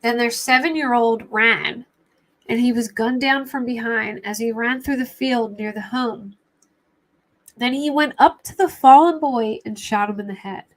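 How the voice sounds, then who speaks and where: A woman's voice: on the high side, a little slow. A young adult woman hosting a true crime livestream, chatting casually in a rambling, flustered way and laughing easily.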